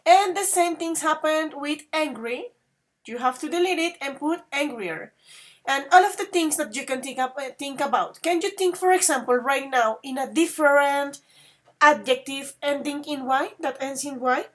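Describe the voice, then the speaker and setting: With a high voice, a woman teaches English grammar, patiently questioning her students and slowly spelling out how words end.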